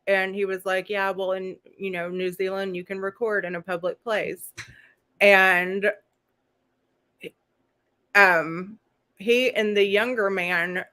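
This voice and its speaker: A woman hosting a live-stream chat, retelling a story in a loose, rambling way. She chats casually, breaks off with quick laughing asides, and keeps the tone conversational throughout. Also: medium pitch, fairly bright tone. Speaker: host.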